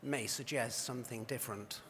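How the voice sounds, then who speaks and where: A man's voice: medium pitch, fairly even intonation, moderate pace, fairly bright tone. A man presenting an award at a dinner, telling wry anecdotes in an after-dinner speech, recorded in a large banquet hall. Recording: reverberant hall.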